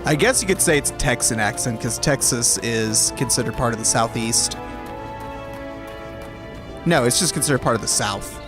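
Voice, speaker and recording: A man's voice: medium pitch, animated, moderate pace, long pauses, music in the background. A man from Alabama chatting casually with his stream viewers, rambling and correcting himself as he goes. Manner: rambling and self-correcting, light chuckles.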